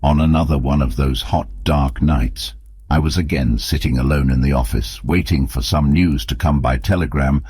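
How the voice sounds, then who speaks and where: A man narrating an audiobook with a very deep, husky voice and a steady, measured delivery. The sound is dry and close, with no room around it. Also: dry recording. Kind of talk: scripted narration.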